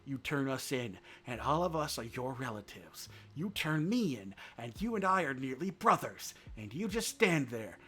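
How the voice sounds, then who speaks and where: A man's voice: mid-range voice, big pitch swings, moderate pace, hardly any pauses, bright, forceful tone, husky, heavily acted. A man voicing an old, badly wounded fox who pleads and hisses with contempt in a storybook reading. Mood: bitter contempt. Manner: pleading, then hissing with contempt. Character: old wounded male fox, desperate then bitter.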